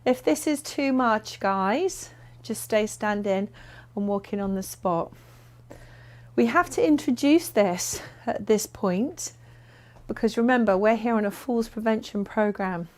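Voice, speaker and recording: Slow-paced upbeat woman coaching exercise. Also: medium pitch. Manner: upbeat, encouraging, playful coaching. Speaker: exercise instructor. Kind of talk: guided fitness class instruction.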